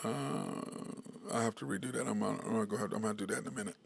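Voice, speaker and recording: A man's voice: lowish voice, fast talker, creaky, a little hiss or hum. Frustrated man ranting about sports. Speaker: sports talk show host. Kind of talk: solo sports talk commentary.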